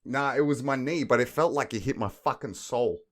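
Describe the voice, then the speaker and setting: Young guy cohosting a podcast, swears a ton, acts out what people said, mid pitched voice. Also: a little fast. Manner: swears constantly, animated storytelling with acted-out quotes. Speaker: podcast co-host. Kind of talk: casual crude banter.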